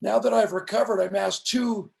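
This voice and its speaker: Storytelling on a live stream interview, a middle-aged man speaks in a strikingly gravelly, high-for-a-man voice with a steady, darkish tone. He sounds like a motivational preacher, emphatic and slowing sharply on his punch lines.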